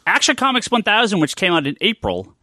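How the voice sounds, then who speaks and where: A man's voice: high-pitched, fairly quick, no echo, studio quality. A man hosting a casual comics podcast, leading the talk and reading out sales figures. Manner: animated, leads the talk and reads out sales numbers. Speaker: podcast host.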